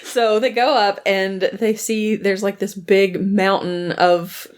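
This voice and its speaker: A woman's voice: medium pitch, little pitch movement, slow, a little mellow, clear, resonant tone. A young adult woman co-hosting a podcast, casually recapping a movie plot and mimicking characters now and then. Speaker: podcast co-host.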